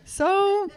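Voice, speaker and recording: A woman co-hosting a live comedy podcast on stage, rambling and laughing through crude jokes. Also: extremely high pitch. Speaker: podcast co-host.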